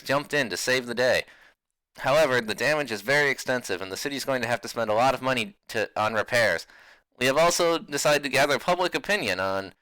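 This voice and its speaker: A man's voice: medium pitch, sharp tone, no echo, voice pushed up, natural voice, rough recording. A man doing his newscaster voice as a TV reporter in a tabletop game. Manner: crisp announcer delivery. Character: formal TV newscaster reporting a monster attack.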